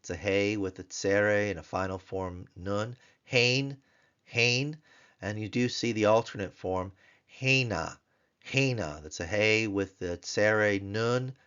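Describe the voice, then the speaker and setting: A middle-aged man with a very low voice teaches a recorded grammar lesson, repeating each Hebrew word slowly so students can follow. He slips in wry, joking asides between the drills. The recording sounds dull and lo-fi. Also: fairly even intonation, fairly bright tone, clear, resonant tone.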